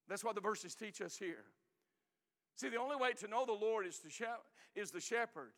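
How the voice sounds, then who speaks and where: A man preaching a sermon as pastor, emphatic, with rising bursts and slowed, stressed phrases. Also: very high voice, sharp tone, big-room sound.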